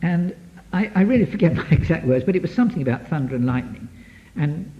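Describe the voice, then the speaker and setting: Male therapist lecturer, animated and rambling, on a dull archive recording. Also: on the high side, quick pace. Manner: lively, digressive, many restarts, taps out rhythms. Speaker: psychotherapist giving a lecture. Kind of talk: lecture to an audience.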